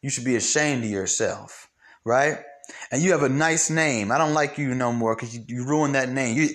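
A man's voice: mid-range voice, moderate pace, fairly bright tone. A young man hosting solo commentary, blunt and profane, ranting with mocked quotes. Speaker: commentary host.

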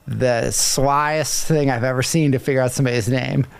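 A man co-hosting a casual movie recap podcast, animated, laughing often and acting out quotes from scenes. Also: mid-range voice, moderate pace, creaky, smooth. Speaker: podcast co-host.

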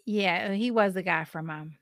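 A woman's voice: lowish voice, a little slow, a bit bright, no room sound, studio quality. A woman co-hosting a podcast, chatty and teasing, laughing easily. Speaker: podcast co-host. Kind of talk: casual chat.

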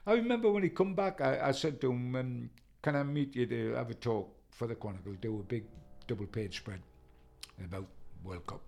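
An older man, telling rambling, animated football stories and mimicking the people he quotes. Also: medium pitch, fairly quick, gravelly. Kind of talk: anecdotal storytelling.

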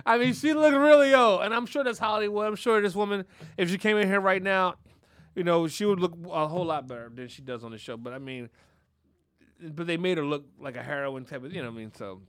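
A man co-hosting a podcast, telling stories in a loud, animated, profane way and laughing often. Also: high-pitched, fairly quick, smooth. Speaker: podcast co-host. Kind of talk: casual chat.

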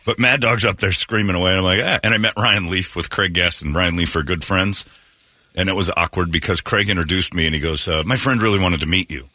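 A man's voice: sits low, fairly quick, dry recording, clean studio sound. A man who hosts radio, telling stories in casual chat and mimicking the people he met. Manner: animated storyteller, mimics voices. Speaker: radio host.

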